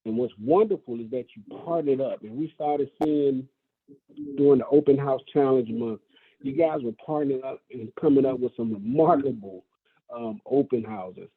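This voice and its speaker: A man's voice: medium pitch, moderate pace, husky. A man leading a real estate brokerage gives a folksy, enthusiastic motivational speech to his agents, often repeating himself for emphasis. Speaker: brokerage leader addressing agents. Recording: tinny phone-like sound.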